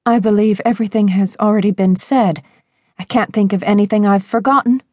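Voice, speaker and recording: A woman's voice: medium pitch, normal speed, no room sound, lightly acted. A woman narrator voicing a frightened but defiant young woman who speaks in a hard, clipped tone.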